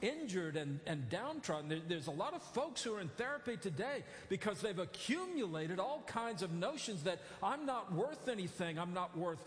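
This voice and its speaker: A man's voice: high voice, very animated, normal speed, hardly any pauses. A male pastor giving a sermon in a church, talking in a conversational way with many fillers and self-corrections. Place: church sanctuary. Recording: echoey church hall.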